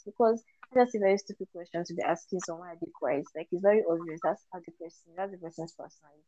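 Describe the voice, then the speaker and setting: A woman's voice: on the low side, racing, dark tone. A woman co-hosting a podcast, talking casually with an irritated, emphatic manner. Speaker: podcast co-host. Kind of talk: casual chat. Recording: slightly dull lo-fi sound.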